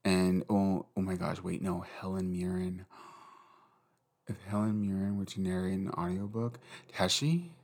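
A man's voice: low-pitched, fairly even intonation, measured pace, darkish tone. A man chatting casually and rambling about books late at night, swearing and laughing at himself. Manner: rambling, profane, giggly. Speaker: book vlogger.

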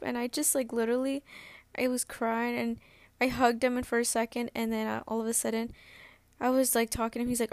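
A woman's voice: fairly high pitch, level tone, moderate pace, clear, resonant tone, no room sound. A woman in her twenties, hosting a podcast, candidly recounting a personal story in a rambling way, full of "like" and restarts. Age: 20s. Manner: candid, rambling, heavy use of "like". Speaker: podcast host.

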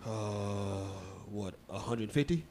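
A man's voice: fairly low pitch, slow, dark tone, slight background noise. Loose, profane Texan man chatting. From Texas. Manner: loose, profane, laughing storyteller. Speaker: podcast co-host. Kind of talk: casual chat.

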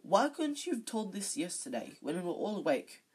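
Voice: mid-range voice, big pitch swings, moderate pace, breathy edge, voice pushed up. An amateur reader voicing a wry teenage boy with a dry, teasing manner.

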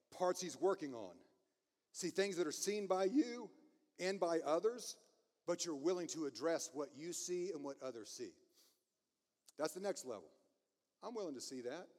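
A man's voice: a little high, a little mellow, big-room sound. A man preaching a sermon, passionate and emphatic, laughing at himself now and then.

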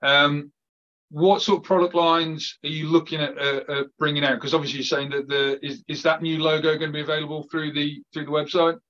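A male podcast host with a slightly raised voice, asking his questions in a hesitant, measured way. His audio sounds muffled and lo-fi, like a remote connection. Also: a little high, flat delivery, fairly bright tone. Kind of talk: interview questions.

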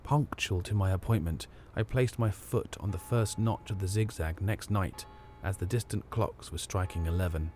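A man narrating a classic ghost story as an audiobook, in a measured, quiet and grave way. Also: deep voice, slight background noise.

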